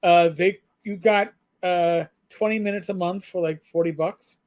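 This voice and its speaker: A man's voice: high-pitched, fairly even intonation, a little slow. A man, a former police sergeant, telling stories in a loose, rambling way with many fillers and blunt swearing. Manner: rambling, frequent fillers and restarts, blunt profanity. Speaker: retired police sergeant, guest. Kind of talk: casual storytelling chat.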